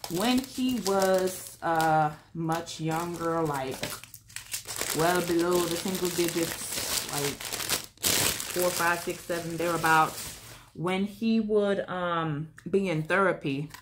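A woman with a low voice talks in a loose, rambling way as she works on a craft at home. She is candid and talks half to herself. A faint hiss sits under her voice. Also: slow. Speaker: vlog host. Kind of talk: casual chat while crafting.

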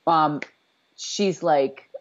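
A woman's voice: low-pitched, extremely slow. A woman co-hosting a casual recap chat over a video call, rambling with many fillers and restarts. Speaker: podcast co-host. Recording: dull lo-fi call audio.

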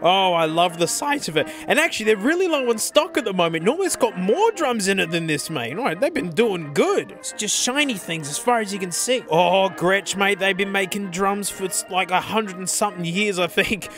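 A man's voice: high-pitched, normal speed, few pauses. An Australian man hosting a casual vlog as he walks through a music store, gushing over what he sees and calling everyone "mate". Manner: excitable, gushing, says "mate" constantly. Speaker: vlog host. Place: indoor music store, walking around.

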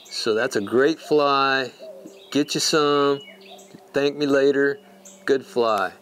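A man's voice: mid-range voice, takes it slowly, fairly bright tone, a little hiss or hum. A man giving a casual, folksy fly-fishing tutorial, emphatic and repeating words for stress. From Texas.

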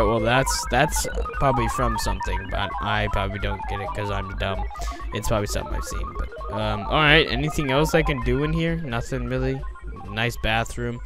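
A man giving casual let's-play commentary, chatty and excitable, often breaking into surprised exclamations. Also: mid-range voice. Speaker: gameplay commentator.

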